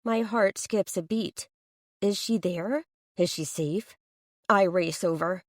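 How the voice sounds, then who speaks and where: A woman's voice: medium pitch, takes it slowly, dry recording, clean studio sound. A woman narrating a first-person audiobook thriller, reading an anxious inner monologue in an earnest way.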